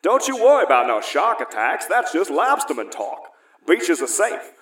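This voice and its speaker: A man's voice: fairly high pitch, wildly swooping pitch, moderate pace, slightly rough, dry recording, clean studio sound, full character voice. A man voicing a glib small-town official who breezily waves off any danger. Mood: reassuring. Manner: breezy and dismissive. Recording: loud crowd behind the voice.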